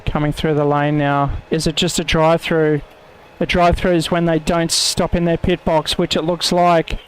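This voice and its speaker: A man's voice: on the high side, level tone, moderate pace, clean tone, low-quality recording. A man commentating an online sim racing event, calling corners and penalties and mocking his own attempts at an Italian accent. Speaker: race commentator.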